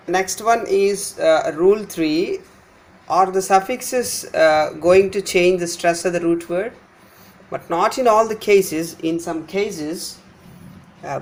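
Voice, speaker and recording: A teacher with an Indian English accent giving a pronunciation lesson, who repeats each example word several times and spells out letters. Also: medium pitch. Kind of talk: phonetics lesson.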